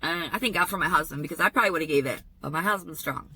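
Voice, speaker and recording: A woman telling a personal story in a vlog, in an animated, emphatic storytelling manner. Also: deep voice, rapid-fire, a little hiss or hum, rough recording. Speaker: vlogger.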